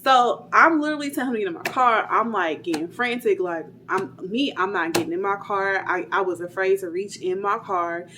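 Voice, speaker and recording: A young woman recounting something that happened to her in a loose, chatty storytime way. Her voice sits at a middle pitch, and she keeps stringing her sentences along with little fillers. A faint hiss of noise runs under her voice. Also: brisk, hardly any pauses. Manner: chatty, retells dialogue, many "like" fillers. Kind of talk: casual storytime.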